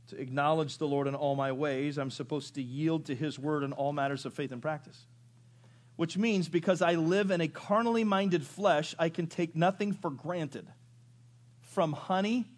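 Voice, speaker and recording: A man preaching a sermon, moving from loud rising questions to low quiet asides. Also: normal speed. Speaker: pastor. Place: church sanctuary.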